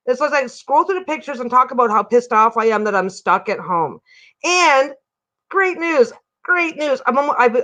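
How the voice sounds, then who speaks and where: This livestream host, talking from home, has a fairly high and somewhat bright voice. Her chatty, rambling talk often breaks off before a sentence is finished.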